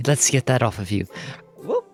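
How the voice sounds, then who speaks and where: A man playing his character in a casual tabletop role-playing game, playful and expressive. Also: medium pitch, unhurried, faint music behind. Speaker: player.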